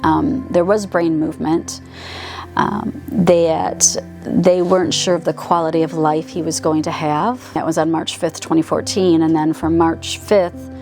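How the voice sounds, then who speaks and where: A middle-aged woman from Michigan, a patient's mother, slowly and hesitantly retelling a painful family story in a documentary interview. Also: deep voice, little pitch movement, darkish tone, faint music behind. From Michigan, USA. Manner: slow, hesitant, somber retelling.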